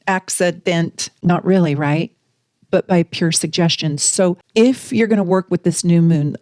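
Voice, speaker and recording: A woman astrologer talking casually to camera, animated and chatty as she tells stories. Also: fairly low pitch, no echo, clean studio sound.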